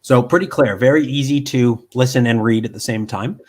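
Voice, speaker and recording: A man giving a live software demonstration from home, explaining step by step with frequent ums and restarts. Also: mid-range voice, a little fast.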